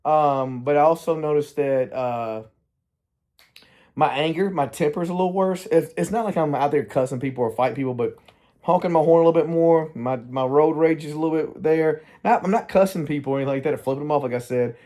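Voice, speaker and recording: A man's voice: fairly high pitch, a little fast, dark tone. A middle-aged man, talking candidly to the camera in a rambling personal vlog, often trailing off and restarting. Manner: candid, meandering, self-interrupting. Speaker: vlogger.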